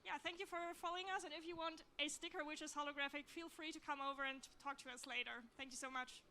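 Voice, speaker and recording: A woman's voice: sits high, steady tone, fast talker, bright, forceful tone, a little hiss or hum. A woman presenting her team's game on a convention stage, friendly and inviting, a little hesitant. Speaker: game developer pitching.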